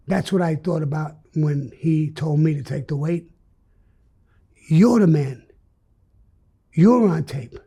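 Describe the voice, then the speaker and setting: A man's voice: a little high, slow pace, pauses often, warm tone, husky. An older man telling his story in a candid interview, blunt and profane with emphatic bursts.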